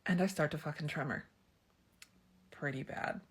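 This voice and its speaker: A woman's voice: low voice, normal speed, husky. A woman in her thirties tells a candid personal story in a chatty way, full of fillers. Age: 30s. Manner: chatty and frank, many fillers like "like" and "um". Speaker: storyteller vlogger.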